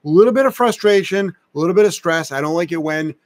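Blunt, emphatic dog-trainer host. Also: male voice, high voice, animated, fast, darkish tone, no echo. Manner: blunt, emphatic, rants with profanity. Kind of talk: casual live-stream advice chat.

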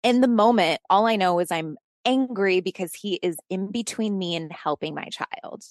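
A woman in her thirties tells a tense personal story in a casual interview, lively and profane, often laughing and acting out shouted lines. Her voice sits in a middle register. The sound is dry and close, with no room around it. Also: medium pitch, normal speed, no echo. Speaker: podcast host telling a personal story as interview guest.

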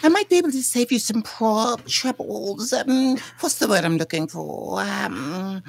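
A woman's voice: mid-range voice, lively intonation, unhurried, gravelly, hardly any pauses, no room sound. Playful, teasing woman in an improv sketch. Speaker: comedy improviser.

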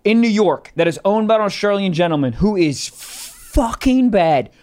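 A man's voice: high voice, moderate pace. A man co-hosting a podcast, rambling and cursing in loose comedic chat. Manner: animated, profane, rambling. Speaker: podcast co-host.

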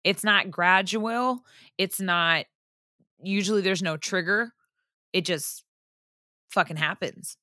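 Frank, profane woman with a bright voice. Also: mid-range voice, slow, pauses often, dry recording, studio quality. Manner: frank, profane, laughs often. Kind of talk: candid casual chat.

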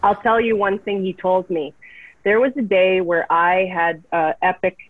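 An actress from Canada, a guest telling gushing, enthusiastic stories in a casual interview. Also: female voice, lowish voice, fairly even intonation, moderate pace, slight background noise. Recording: tinny phone-like line, dry.

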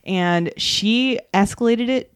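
A woman telling a story in casual chat with friends, lively, swearing, acting out what others said. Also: on the high side, takes it slowly, smooth. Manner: animated, swears, acts out quotes.

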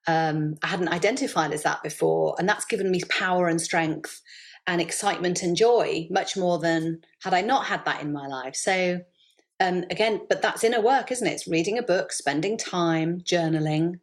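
A woman chatting as a podcast guest, telling stories in a lively, animated way. Her voice sits slightly low for a woman. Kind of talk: casual interview chat.

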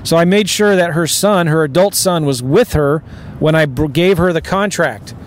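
Emphatic man coaching, slightly high voice. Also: moderate pace, a little hiss or hum. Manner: emphatic, urgent, keeps asking "right?". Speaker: real estate investing coach. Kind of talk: motivational pep talk.

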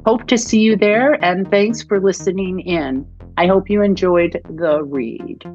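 A woman podcast host and author reading her own fiction aloud in a measured storytelling voice. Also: lowish voice, a little mellow, lo-fi sound, soft background music.

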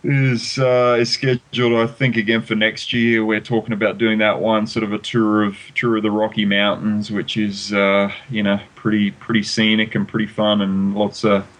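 A man from Australia, a guest coach answering questions in a halting way, with many fillers. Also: fairly low pitch, little pitch movement, a bit bright, poor audio. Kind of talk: casual interview answers.

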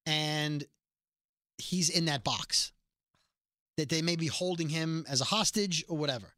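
A man's voice: a little high, unhurried, bright, forceful tone, no echo, studio quality. A man co-hosting a podcast in casual chat, rambling with frequent restarts. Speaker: podcast co-host.

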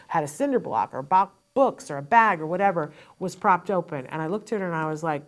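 A woman hosting a parent advice show, talking emphatically and quickly with frank asides into a studio microphone. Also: on the low side, animated. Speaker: host and parent advocate.

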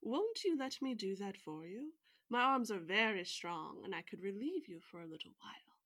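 A woman's voice: mid-range voice, lively intonation, moderate pace. Woman doing a wily pleading tanuki. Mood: wheedling. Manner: sad, gentle, wheedling. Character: wily cunning male raccoon-dog, sly and pleading.

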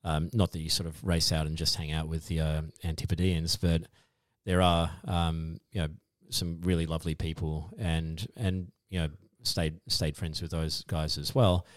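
An Australian man, a podcast guest, telling his story in a modest, halting way with many restarts. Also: extremely low pitch, flat delivery, no room sound, clean studio sound. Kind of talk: casual interview chat.

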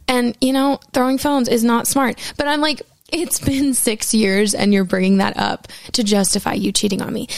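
A woman's voice: on the high side, gravelly, no room sound. A young adult woman telling a personal story in a candid, profane, casual way, acting out quoted dialogue as she goes.

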